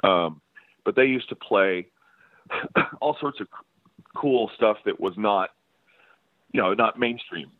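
A man's voice: on the low side, slow pace, long pauses, dry recording. A man telling stories as a guest musician in a casual interview, rambling and laughing with many restarts. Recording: dry phone-line sound.

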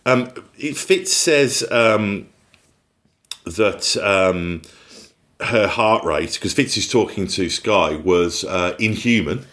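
A man's voice: fairly low pitch, expressive, takes it slowly, fairly bright tone. A man co-hosting a podcast, chatting casually about a TV episode, rambling with lots of fillers and laughing often. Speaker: podcast co-host.

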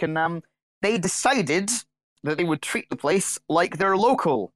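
A man's voice: on the high side, fairly bright tone, clean tone, dry recording. A man rambling through a podcast chat with a slightly raised voice, tripping over his words and laughing along. The sound is dry, with no room to speak of. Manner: rambling, self-correcting, laughs often. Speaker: podcast co-host. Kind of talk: casual chat.

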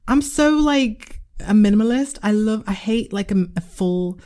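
A woman's voice: mid-range voice, animated, measured pace, mellow. A young woman co-hosting a podcast, chatting casually with a laid-back, joking manner. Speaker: podcast co-host. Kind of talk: casual chat.

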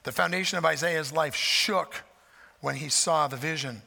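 Man, emphatic sermon, high pitch, long hall reverb. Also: normal speed, creaky. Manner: emphatic, swells loud on repeated phrases; folksy asides. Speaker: pastor.

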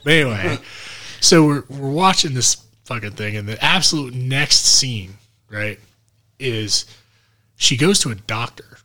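Male podcast co-host, mid-pitched and bright, animated profane storyteller who acts out the voices. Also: unhurried. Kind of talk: casual comedic storytelling.

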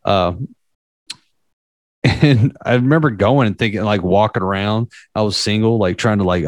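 A young man talks in a loose, rambling way, full of fillers and swearing. His voice sits on the low side. The sound is dry and close to the mic. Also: moderate pace, no echo. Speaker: storyteller. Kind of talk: casual podcast chat.

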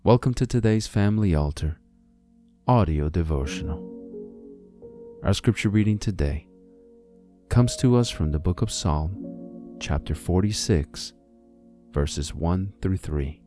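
A man hosting an audio devotional, reading scripture in a calm, measured way. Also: deep voice. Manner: calm, measured, slow on references. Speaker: devotional host. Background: soft instrumental music.

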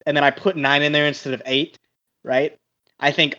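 A man's voice: on the high side, little pitch movement, moderate pace, long pauses, bright, forceful tone, dull audio. A man, a podcast guest talking casually and rambling, with lots of swearing and restarts.

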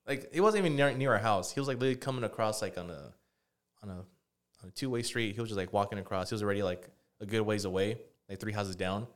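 A man's voice: lowish voice, quick pace. A man co-hosting a podcast, telling a rambling story in casual chat with lots of fillers and swearing. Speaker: podcast co-host.

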